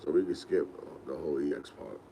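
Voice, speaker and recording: A man's voice: very deep voice, brisk, vocal fry, warm tone, a little hiss or hum, low-quality recording. A young man, hosting a podcast and telling rambling, laid-back stories with laughs. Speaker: podcast host. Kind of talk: casual storytelling.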